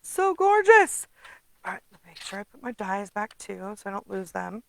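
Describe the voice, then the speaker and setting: Woman, craft tutorial, chatty, humming asides, gravelly voice, mid pitch. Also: fairly even intonation, quick pace, a bit bright, rough recording. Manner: chatty, hums to herself, mutters asides. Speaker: craft demonstrator. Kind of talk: casual card-making tutorial.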